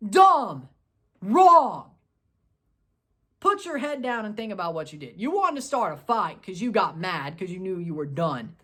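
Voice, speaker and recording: A man's voice: big pitch swings, a little slow. Fired-up male soccer fan ranting. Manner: repetitive, scolding, swings between loud outbursts and low grumbles. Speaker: soccer fan video host. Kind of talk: post-match review rant.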